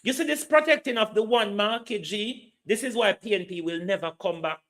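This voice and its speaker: A man's voice: high-pitched, a little fast, fairly bright tone. A man with a Jamaican accent hosting political commentary, lecturing and firing pointed questions at his listeners.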